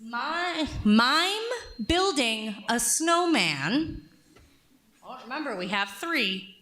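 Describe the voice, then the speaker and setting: A woman's voice: sits high, very animated, drawn-out words, pushed and bright, echoey room. A woman leading a playful children's activity during a church service, upbeat and coaxing. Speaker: worship leader. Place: church sanctuary.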